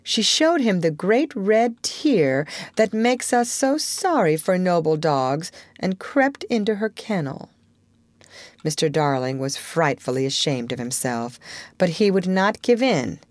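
Expressive woman reading a storybook. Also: fairly low pitch, a little slow, dry recording, studio quality. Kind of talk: reading a classic children's book aloud.

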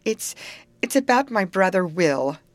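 An anxious, tearful teenage girl, as a woman reader puts her on, halting and plaintive as she talks. The voice is pitched a little above the reader's own low tone. It is heard dry and close. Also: big pitch swings, dry recording. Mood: distressed. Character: tall, tearful teenage girl worried about her brother. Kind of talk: audiobook character voice.

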